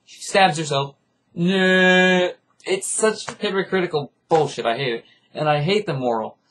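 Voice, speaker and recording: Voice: mid-range voice, expressive, moderate pace. Rambling, profane anime reviewer. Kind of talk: casual ranting review.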